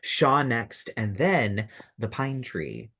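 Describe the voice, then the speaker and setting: A man's voice: mid-range voice, very animated, takes it slowly, gravelly, bright, forceful tone. A man running a tabletop game as game master, narrating scenes vividly and laughing often.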